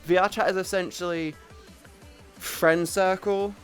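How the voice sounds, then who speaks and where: A woman's voice: on the low side, steady tone, a little slow, faint music behind. Woman streamer, headset mic, casual rambling chat, stops to greet chat. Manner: rambling, chatty, breaks off to greet viewers. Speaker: livestreamer. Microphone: headset boom mic.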